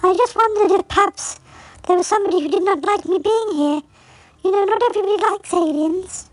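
A tiny squeaky alien, earnest and plaintive. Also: female voice, a little fast. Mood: sad. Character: small, gentle alien creature, anxious and sad. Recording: echoey and distant from the mic.

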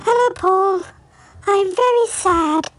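A very high, piping little alien, gentle and earnest, with a plaintive lilt in a comedy audio sketch. Her voice sounds distant from the mic and bounces around an echoey space. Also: slow, music in the background. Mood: sad. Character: small, gentle alien creature, anxious and sad.

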